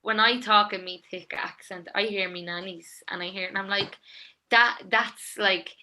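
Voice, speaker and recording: Bright-voiced Dublin woman, chatty. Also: mid-range voice, steady tone, moderate pace, a little hiss or hum. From Ireland. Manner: chatty, rambling, lots of fillers. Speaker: songwriter and guest. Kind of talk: casual interview chat.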